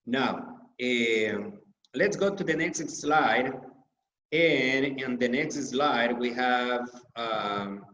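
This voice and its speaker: Spanish-speaking guy teaching english, slow and careful, repeats examples, roomy echo. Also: mid-range voice, a bit bright, lo-fi sound. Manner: slow, repeats example sentences with stressed words. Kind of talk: slide-based grammar lesson. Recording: echoey room.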